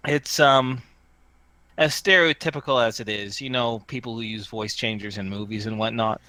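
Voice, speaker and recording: A man's voice: medium pitch, steady tone, moderate pace, bright, forceful tone. A man running a tabletop game as game master, rambling and laughing often.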